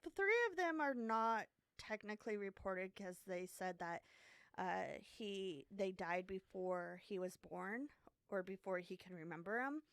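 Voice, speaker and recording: A woman's voice: medium pitch, lively intonation, a little slow, a bit bright, clear, resonant tone, no echo, clean studio sound. A woman co-hosting a podcast, casually telling a true crime story with lots of fillers and self-deprecating asides. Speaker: podcast co-host.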